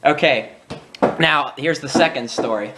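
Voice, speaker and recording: A man's voice: medium pitch, unhurried, background noise. A young adult man hosting a casual video, telling childhood stories with laughs and acted-out quotes. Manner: animated, laughing, acts out quoted voices. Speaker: channel host. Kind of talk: casual storytelling.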